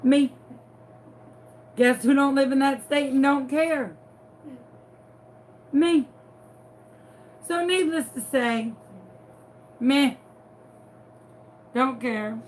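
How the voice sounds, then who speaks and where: A woman's voice: high voice, normal speed, hardly any pauses, slight background noise. A woman from New Orleans with a Southern accent, telling a playful, dramatic story as she crafts. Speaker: crafting vlogger. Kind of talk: chatty storytelling while crafting.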